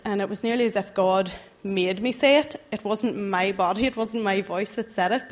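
Young woman, church testimony, earnest, halting, emotional, mid-pitched voice. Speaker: church member giving testimony. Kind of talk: personal testimony to a congregation.

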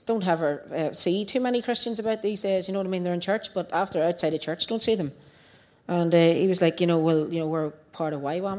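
A woman with a low-pitched, darkish voice and a Northern Irish accent gives her personal testimony to a church group. She tells her story chattily, acting out the things she said in the past.

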